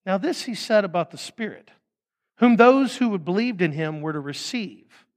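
A man preaches, reading scripture aloud and then breaking off into playful asides. His voice sits high for a man. The sound carries a long reverb, as from a large hall. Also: moderate pace. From Fort Smith, Arkansas. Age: 30s. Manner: animated, joking asides, acts out voices. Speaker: pastor. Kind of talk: sermon, reading and explaining scripture.

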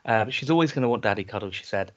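A man's voice: on the low side, lively intonation, rapid-fire, highs cut off. A man teasingly chatty. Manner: teasing, chatty, recounts kids' sayings. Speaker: podcast co-host. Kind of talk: casual chat.

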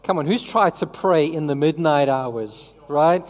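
A woman's voice: deep voice, lively intonation, unhurried, darkish tone. Chatty woman preaching in a reverberant hall. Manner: conversational, asks the congregation questions. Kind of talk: sermon.

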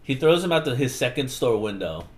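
A man's voice: medium pitch, sing-song, a little fast. A man on a casual podcast, animatedly retelling a book plot and acting out the characters' lines. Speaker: podcast host. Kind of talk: casual book-recap chat.

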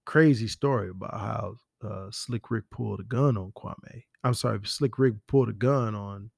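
A man's voice: lowish voice, moderate pace, vocal fry, husky, no room sound, clean studio sound. A man hosting a podcast, talking in a rambling, profane, conversational way. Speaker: podcast host. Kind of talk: casual solo commentary.

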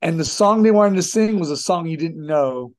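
A man's voice: a little high, lively intonation, moderate pace. A man who plays in a band, chatting casually as a guest and telling stories with enthusiasm. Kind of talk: casual chat.

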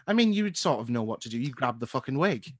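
A man hosting a casual chat, asking questions and telling quick anecdotes with offhand swearing. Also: mid-range voice, sing-song, slightly rough, dry recording, studio quality. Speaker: podcast host.

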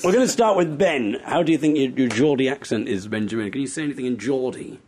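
Teesside man, podcast host, playful and jokey, bright animated voice, hotel room chat. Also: medium pitch, heavy background noise. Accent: Teesside English. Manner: jokey, teasing, quick asides. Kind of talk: casual chat. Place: hotel bedroom.

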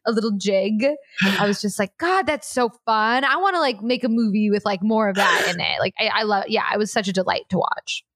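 A woman's voice: medium pitch, fairly quick, fairly bright tone, no echo, clean studio sound. A young woman co-hosting a casual chat podcast, giggly and gushing with lots of fillers. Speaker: podcast co-host.

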